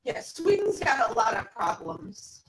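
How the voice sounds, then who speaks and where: A woman with a high, animated voice presses others with pointed questions in a casual debate. Faint noise sits under her call audio. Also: unhurried, rough recording.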